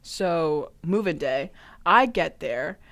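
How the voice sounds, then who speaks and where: A woman's voice: sits low, expressive, takes it slowly, a bit bright. A young woman co-hosting a podcast, telling a story in casual chat with lots of fillers and laughter. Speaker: podcast co-host.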